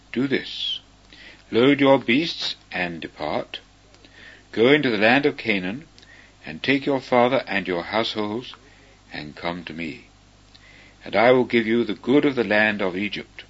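A man reading scripture, voicing Pharaoh as a commanding, generous king in a measured tone. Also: fairly low pitch, expressive, fairly bright tone, husky, heavily acted. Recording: dull lo-fi recording.

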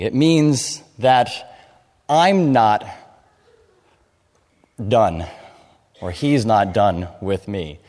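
A man preaching an expository sermon, explaining scripture in a measured way and reading verses aloud. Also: fairly low pitch, darkish tone. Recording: long hall reverb.

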